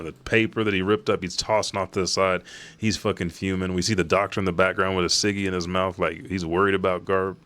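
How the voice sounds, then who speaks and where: A man hosting a manga reaction, retelling a chapter in a profane, animated way. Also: sits low, brisk. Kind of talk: casual chapter recap.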